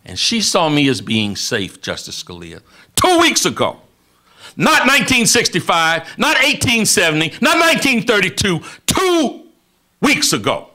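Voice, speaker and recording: A man's voice: sits high, huge pitch swings, unhurried, sharp tone. A man giving an impassioned speech as a radio guest, repeatedly addressing one listener directly and building emphasis.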